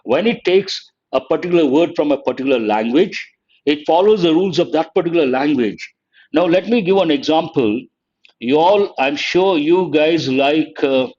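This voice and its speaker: A man's voice: a little high, animated, normal speed, darkish tone, dull audio. A man, teaching an exam-prep lecture online, quizzing students and spelling words letter by letter. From India. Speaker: English teacher.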